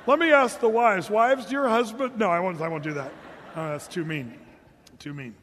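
Guy preaching with jokes, kinda high voice, long echo like a big church hall. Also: moderate pace, fairly bright tone, a little hiss or hum. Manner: humorous, conversational preaching with quoted asides. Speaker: pastor. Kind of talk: sermon.

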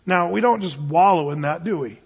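A man with a high, husky voice preaches to his congregation in a loose, joking way, now and then driving a point home with force. The sound is muffled and carries a long reverb from the church hall. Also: moderate pace. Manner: conversational, joking preaching with sudden emphatic bursts. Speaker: pastor. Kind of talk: sermon. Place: church sanctuary.

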